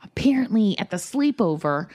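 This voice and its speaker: Woman guest, lively pitch, chatty animated storyteller. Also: moderate pace. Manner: animated storytelling, acts out her kids. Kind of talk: casual podcast chat.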